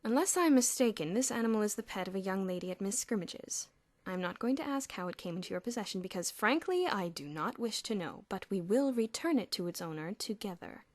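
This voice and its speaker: A woman voicing a stern adult headmaster who speaks quietly in a clipped, formal way. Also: medium pitch, lively intonation, brisk, no echo, natural voice.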